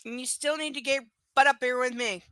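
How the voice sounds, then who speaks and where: A woman reads a novel aloud on a stream, her voice bright and pitched a little high. The sound is dry and close, with no room around it. She keeps breaking off for profane, teasing chat with viewers. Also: steady tone, fast talker, no room sound. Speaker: livestream reader. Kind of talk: live reading with casual chat asides.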